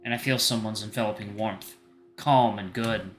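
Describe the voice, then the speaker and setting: Sensitive teen boy, earnest and halting, bright tone, read by a man over faint game music. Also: fairly low pitch, fairly even intonation, natural voice. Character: anxious teenage boy Kurt, sensitive. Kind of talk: reading a visual novel aloud.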